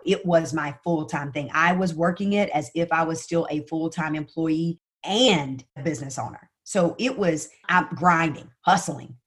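Podcast guest: a woman with a slightly low voice, earnest and animated in sharing her own story. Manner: earnest, animated, often addressing the host by name. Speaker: podcast guest, sales coach. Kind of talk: personal storytelling in conversation.

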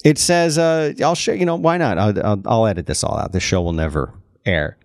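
A man hosting a podcast, chatting casually in an animated way and often restarting his sentences. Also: on the low side, a little fast, no echo, studio quality. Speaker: podcast host.

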